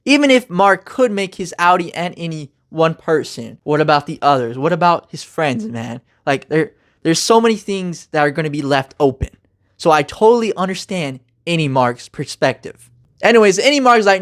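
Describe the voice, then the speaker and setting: A young man casually reviewing a TV finale with energetic, slangy, joking talk. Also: fairly high pitch, moderate pace. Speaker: TV review host.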